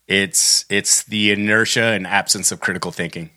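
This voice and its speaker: Low, bright-toned male podcast co-host. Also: fairly even intonation, moderate pace. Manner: laid-back, profane, analytical. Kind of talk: casual podcast chat.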